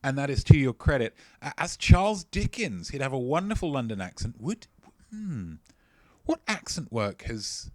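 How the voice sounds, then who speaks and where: A male quiz host who rambles through live-stream banter in a middle-pitched voice. He jokes, teases himself and trips over his words, repeating phrases. The sound is close and dry, with no room around it. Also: sing-song, normal speed, dry recording. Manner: playful, rambling, self-mocking jokes.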